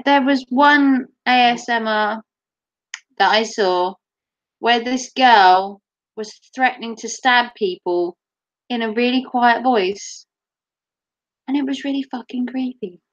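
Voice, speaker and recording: Slow-talking giggly woman on a lo-fi stream. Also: fairly high pitch. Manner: giggly, swearing, chatty, slow-paced. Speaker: livestreamer. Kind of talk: casual live stream chat.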